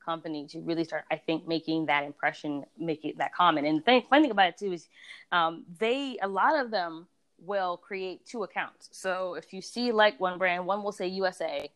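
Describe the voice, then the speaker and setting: A woman's voice: lowish voice, normal speed, fairly bright tone. A woman in a casual conversation about beauty brands, a reviewer and blogger who tells her stories with animation and acts out other people's voices.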